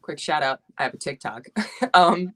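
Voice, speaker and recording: Brash low-voiced woman swearing and joking. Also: normal speed, sharp tone. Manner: brash, profane, laughing trash talk. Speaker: podcast guest. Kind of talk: casual chat.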